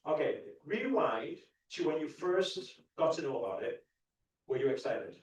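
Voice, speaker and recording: A man's voice: on the high side, big pitch swings, unhurried. A man in his thirties, a spiritual teacher giving a motivational talk to a live audience. He keeps putting questions to the crowd and repeats his points for emphasis. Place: large hall at a live event. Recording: echoey hall, speaker far from mic.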